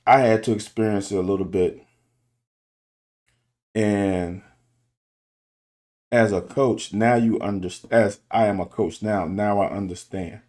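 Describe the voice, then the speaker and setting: Sitting in a car, a middle-aged man speaks in a warm, somewhat low voice. He's a football coach and show host giving a frank, casual monologue, circling back and repeating phrases to make his point.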